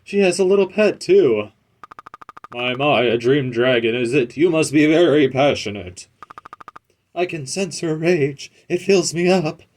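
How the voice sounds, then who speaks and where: A man's voice: fairly high pitch, expressive, a little slow, a little hiss or hum, pitched above the performer's own voice. A man voicing a sly, seductive, scheming royal villain in a game, speaking in a purring, tempting way. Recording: loud game music behind.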